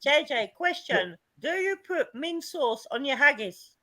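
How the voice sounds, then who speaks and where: A woman's voice: high-pitched, expressive, a little slow, bright, forceful tone. A woman hosting a live stream, teasing playfully and repeating her lines in a sing-song way. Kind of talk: casual live stream chat.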